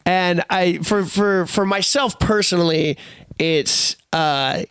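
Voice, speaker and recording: High-voiced young man from New Orleans. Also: slow, smooth, dry recording. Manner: rambling, animated storyteller. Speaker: podcast guest, touring band musician. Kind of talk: casual podcast chat.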